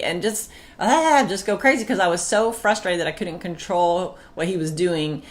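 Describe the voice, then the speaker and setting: Female co-host, lower register, lively casual chat with acted-out quotes. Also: normal speed, hardly any pauses. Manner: animated, quotes past arguments in a raised voice. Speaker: marriage podcast co-host.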